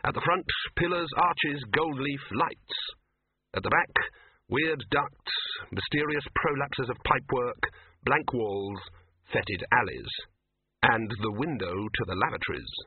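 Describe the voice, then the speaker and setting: A man narrating a comic fantasy story with wry, expressive storytelling. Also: mid-range voice, unhurried, husky, no room sound. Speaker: audiobook narrator. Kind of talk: scripted narration. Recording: tinny, phone-like recording.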